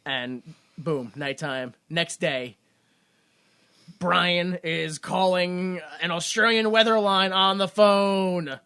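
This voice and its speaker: A woman's voice: fairly low pitch, takes it slowly, a bit bright, clean tone. A woman co-hosting a podcast, casually recapping a film and acting out the characters' lines with plenty of laughter. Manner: rambling, acts out characters' lines, laughs a lot. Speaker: podcast co-host. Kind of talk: casual movie recap chat.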